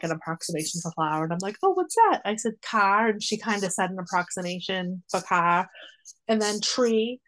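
A woman in her forties telling a long personal story in a casual, rambling way, full of fillers and lively quoted asides. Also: medium pitch, poor audio. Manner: rambling, many "like" fillers, animated when quoting. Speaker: mother of a nonverbal daughter, guest.

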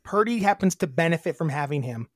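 A woman with a low voice co-hosts a casual podcast. She rambles bluntly through crude stories and acts out her own lines. The sound is dry and close. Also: expressive, fast talker, dry recording. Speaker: podcast co-host. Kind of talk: casual chat.

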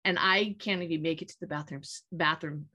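A woman's voice: low-pitched, fairly quick. A woman in her late thirties co-hosting a podcast in casual chat, telling stories candidly and animatedly. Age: late 30s. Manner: candid, animated storytelling with laughs and profanity. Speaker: podcast co-host.

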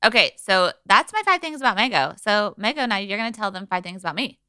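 A young woman co-hosts a casual podcast in a chatty, teasing way. Her pitch swoops widely and her voice is bright and smooth. The sound is dry and close. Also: lively intonation, fast, no room sound. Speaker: podcast co-host. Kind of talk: casual chat.

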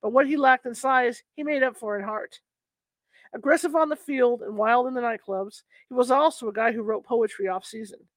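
A woman's voice: a little high, moderate pace, no room sound. A woman reading a book aloud in a casual, unpolished way, sometimes correcting herself. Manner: informal, stops to correct herself and apologize mid-reading. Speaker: reader.

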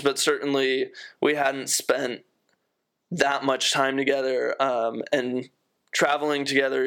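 A man's voice: medium pitch, fairly bright tone. A young man from the United States, a volleyball player telling a story in a casual interview and repeating words as he recalls them. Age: young adult.

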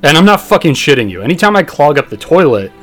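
A young man co-hosting a podcast, telling a long story in a rambling, profane, animated way. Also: on the high side, quick pace, faint music behind. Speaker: podcast co-host.

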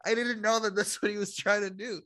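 A man in his thirties from Puerto Rico, telling an animated story on a podcast, laughing and acting out what people said. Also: high voice, a little fast, no echo. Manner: animated, laughing, acts out quotes. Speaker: podcast host. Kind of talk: casual storytelling.

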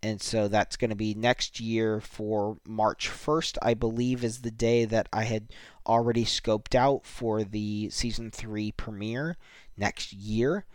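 A young man hosts his podcast solo, speaking slowly with a smooth, clear voice. He sounds earnest and a bit emotional, often restarting his sentences. The recording is dry and close. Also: lowish voice, steady tone, no echo. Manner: earnest, halting, grateful. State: a little emotional. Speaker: podcast host.

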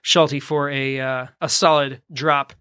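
A man co-hosting a podcast in casual chat, relaxed and rambling with plenty of fillers. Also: mid-range voice, takes it slowly, clean tone. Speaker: podcast co-host.

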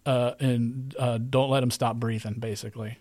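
A middle-aged man tells a story in a loose, conversational way, circling back and repeating words as he goes. He talks at a middle pitch and sounds like a relaxed podcast host chatting with a guest. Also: moderate pace. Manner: rambling, conversational, repeats himself. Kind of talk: casual storytelling.

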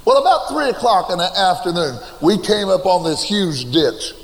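In a church, an older man preaches a sermon, recounting a folksy tale from his past with emphatic, repeated refrains. His voice is high and sing-song at a moderate pace, and long reverb fills the church hall.

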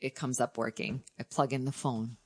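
A woman's voice: extremely low pitch, level tone, normal speed, husky. A woman telling a long story in casual chat, acting out the people she quotes and laughing often.

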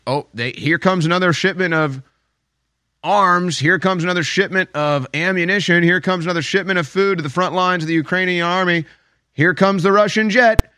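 A man's voice: a little high, bright, forceful tone, clean tone, no echo, clean studio sound. A man giving an opinion commentary monologue, emphatic and sarcastic, with a habit of repeating phrases for effect. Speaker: political commentator.

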